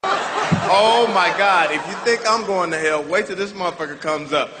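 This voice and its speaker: A man hosting a comedy roast, loud, excitable and profane. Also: sits high, moderate pace, heavy background noise. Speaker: roast host. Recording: distant hall with crowd.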